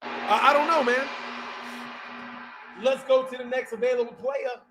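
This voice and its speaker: A man's voice: very high voice, steady tone, a little slow, a bit bright. A man hosting a boxing livestream, chatting casually, laughing often and mimicking other people. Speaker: boxing channel host. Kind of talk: livestream commentary, reading super chats.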